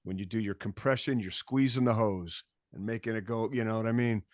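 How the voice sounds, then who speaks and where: Animated, swearing man on a podcast. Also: fairly low pitch, a little fast, dry recording, studio quality. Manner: animated, acts out quotes, swears freely. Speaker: podcast guest, bass tech. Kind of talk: casual storytelling chat.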